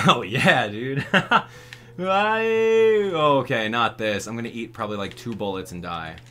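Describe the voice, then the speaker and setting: A man hosting a video game walkthrough, commenting in an excitable way and exclaiming often. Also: on the low side, normal speed, faint music behind. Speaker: gaming channel host.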